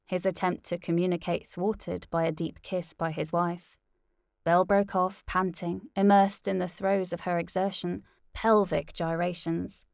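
A woman narrating a novel aloud in a measured, deliberate way. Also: on the low side, level tone, vocal fry, a little mellow, dry recording, clean studio sound.

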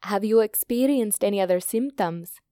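A woman voicing a caring young woman, a doctor's daughter, who asks gentle but insistent questions. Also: mid-range voice, moderate pace, clean tone, dry recording, studio quality, lightly acted.

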